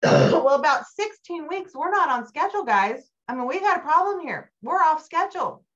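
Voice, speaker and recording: Animated middle-aged woman keynote speaker. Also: normal speed. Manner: animated storytelling, rising high when excited. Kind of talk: motivational keynote talk. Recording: dull lo-fi recording.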